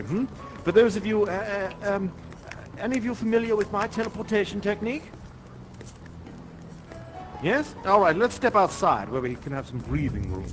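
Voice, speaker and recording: An actor playing a genteel, chatty male professor who guides visitors in a live virtual-reality performance, courtly and polite and chuckling often. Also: a little high. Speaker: live actor guiding players.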